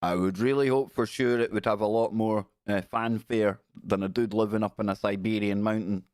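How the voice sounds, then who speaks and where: A livestream host with a fairly low, evenly inflected voice talks at a moderate pace, sounding a little mellow. He jokes wryly and reads news passages aloud in casual live-stream commentary. The recording is dry, with clean studio sound.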